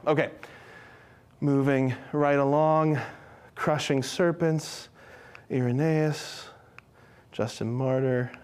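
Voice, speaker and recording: A young man giving an animated religious teaching talk to a live group, acting out quotes and joking with listeners. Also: mid-range voice, slow pace, pauses often, clear, resonant tone. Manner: animated, acts out quotes, jokes with audience. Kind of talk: lively Catholic teaching talk.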